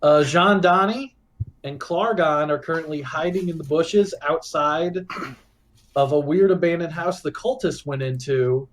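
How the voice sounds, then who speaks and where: Man, game master, rambling recap, laughs a lot, slightly high voice. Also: measured pace, slight background noise.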